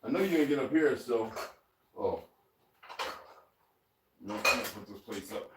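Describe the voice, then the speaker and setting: A man vlogs from his home kitchen, rambling casually, laughing often, and chatting to his cat while he looks for things. He speaks with a medium-pitched, expressive voice at a somewhat slow pace; recorded at a distance, the audio is roomy and off-mic with faint noise.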